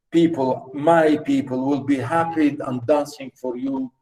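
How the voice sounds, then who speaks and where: A man lecturing on poetry in a classroom, reading verse aloud expressively with animated asides. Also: medium pitch, measured pace, few pauses. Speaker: literature lecturer. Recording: echoey classroom, mic far off.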